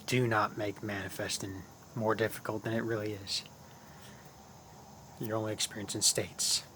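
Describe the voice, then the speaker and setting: A man's voice: on the low side, little pitch movement, moderate pace, bright, forceful tone, a little hiss or hum. A man hosting his own channel, talking casually and at length about spiritual ideas, often repeating himself and calling his viewers guys. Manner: rambling, repeats phrases, addresses viewers as guys.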